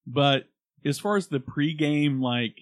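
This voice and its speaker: A man's voice: on the high side, slow, dry recording. A man co-hosting a podcast in casual banter, joking and laughing often. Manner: joking, laughs often, does mock accents. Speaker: podcast co-host.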